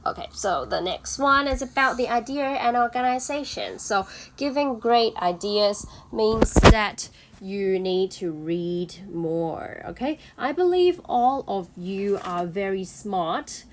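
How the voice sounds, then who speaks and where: Slow-speaking Hong Kong English teacher woman. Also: medium pitch, animated, noisy background. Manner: slow, encouraging, frequent "okay?" checks. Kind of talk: online lesson for students.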